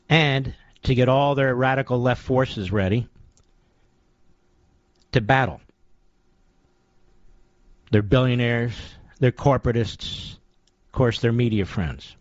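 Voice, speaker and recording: A man's voice: mid-range voice, dry recording, highs cut off. A male radio talk show host delivering a combative, sarcastic political monologue in short punchy phrases.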